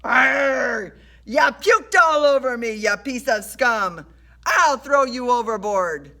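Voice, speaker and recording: A woman voicing a burly, angry male sailor who growls and shouts in a rough pirate-style way. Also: a little high, sing-song, unhurried, heavily acted. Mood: furious.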